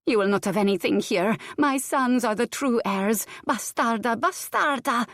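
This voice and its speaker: A woman's voice: lowish voice, expressive, moderate pace, dry recording, studio quality. A woman reading an audiobook voices a haughty, vengeful noblewoman who screams and threatens in melodramatic outbursts. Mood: menacing.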